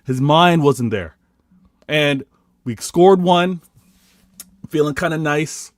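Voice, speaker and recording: Canadian man, football podcast panelist, emphatic mock-indignant rant, slightly high voice, dry close sound. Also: slow, pauses often, no echo. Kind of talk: casual football podcast chat.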